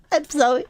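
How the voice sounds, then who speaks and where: A woman's voice: high voice, darkish tone, no echo. A woman voicing a clingy, apologetic young man, reading his messages in a mock plaintive whine.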